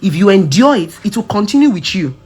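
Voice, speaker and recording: A woman's voice: mid-range voice, brisk, slightly rough. A woman talking to her followers about her past relationships in a casual, emphatic personal testimony. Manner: animated, emphatic, switches between shouting and soft quoted voices. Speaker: social media advice speaker.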